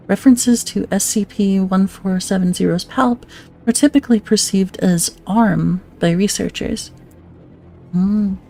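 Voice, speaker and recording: A woman streamer reads documents aloud in a relaxed way, stopping now and then for joking, swearing asides. Her voice is mellow and slightly gravelly, with faint music playing underneath. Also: medium pitch. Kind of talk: casual reading aloud with asides.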